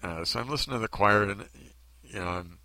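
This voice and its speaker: A man's voice: fairly low pitch, a little fast, bright, forceful tone, dry recording, poor audio. A man telling a comedic personal story in a rambling way, with laughing asides and frequent restarts.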